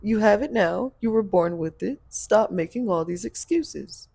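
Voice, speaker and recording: Gravelly-voiced blunt woman host. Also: medium pitch, animated, measured pace, mellow. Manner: blunt, preachy, laughs often. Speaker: podcast host and spiritual practitioner. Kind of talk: casual chat.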